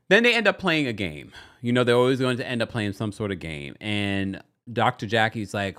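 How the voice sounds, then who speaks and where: A man hosting a casual livestream recap, chatty and animated, often breaking into exaggerated quotes of the people he talks about. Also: brisk, few pauses. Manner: animated, chatty, slips into quoting people in exaggerated high voices. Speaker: podcast host recapping a reality show.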